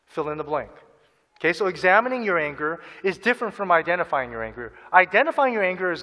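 An earnest pastor delivers a sermon in an animated, fast style, his high voice ringing bright. He acts out people's inner voices and repeats key phrases for emphasis, while a long reverb trails behind him in a large hall.

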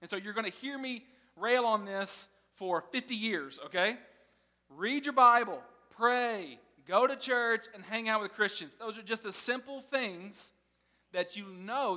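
A man's voice: high-pitched, measured pace, sharp tone, in a large hall. A man preaching a sermon in a casual, conversational way, often laughing as he teaches. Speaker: pastor.

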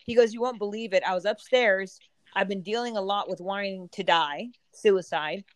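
A woman's voice: medium pitch, moderate pace, no room sound. A woman guest giving an earnest personal testimony in a casual chat. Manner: earnest storytelling, some restarts.

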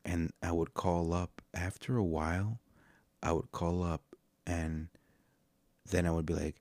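A man with a low voice hosts his podcast, rambling and cursing his way through comic commentary. He is recorded close and dry, with no room sound around him. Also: measured pace, dry recording. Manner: rambling, profane, animated storyteller. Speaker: podcast host reacting to videos. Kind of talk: casual comedic commentary.

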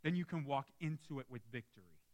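A young adult man preaching a sermon in a church, emphatic and lively, with joking asides to the congregation. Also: medium pitch, a little fast, dull audio. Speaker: pastor. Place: church sanctuary.

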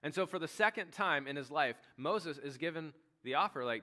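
A man preaching a sermon as pastor, telling the story with lively retold dialogue. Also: a little high, fairly quick, few pauses. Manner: animated storytelling, acting out voices of biblical figures. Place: church sanctuary.

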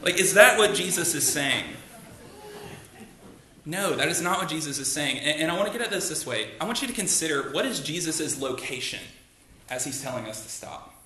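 Man, pastor, sermon, conversational, rhetorical questions, slightly high voice, echoey church. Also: lively intonation, fairly quick, bright, forceful tone. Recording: echoey room.

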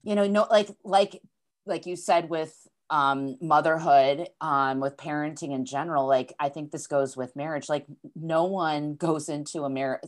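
A woman's voice: sits low, fairly even intonation, normal speed. A woman in her forties in a casual podcast conversation, rambling with lots of likes and restarts. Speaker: podcast host.

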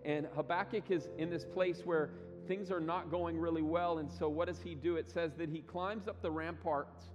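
A man preaching a sermon, telling stories with lively acted quotes and frequent restarts. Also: a little high, moderate pace, long reverb tail, dull audio, over music. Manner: animated storytelling with acted quotes, many restarts. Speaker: pastor.

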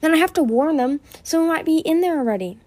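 A woman's voice: high-pitched, expressive, fast, dark tone, a little hiss or hum, pitched above the performer's own voice. A woman voicing a frightened young female dragon who pleads urgently with her friends. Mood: pleading. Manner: pleading, panicked.

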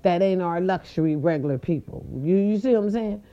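A woman tells a casual story straight to her podcast audience. She is sassy and animated, and she jumps high in pitch to land her points. Her voice is mellow and warm, and the audio is a little dull and lo-fi. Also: a little fast. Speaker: podcast host.

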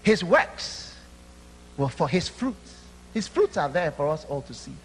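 A young man preaching an impassioned sermon that rises to shouts. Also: fairly high pitch, animated, unhurried, big-room sound, a faint crowd, a little hiss or hum. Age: young adult.

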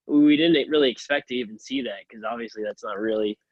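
A man co-hosting a podcast, chatting in a relaxed way with dry humor. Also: medium pitch, brisk, no room sound, highs cut off. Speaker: podcast co-host. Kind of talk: casual chat.

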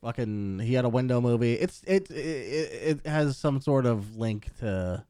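A man's voice: medium pitch, lively intonation, a little slow, warm tone. A man co-hosting a casual gaming podcast, rambling, profane and joking. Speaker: podcast co-host. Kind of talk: casual chat about video games.

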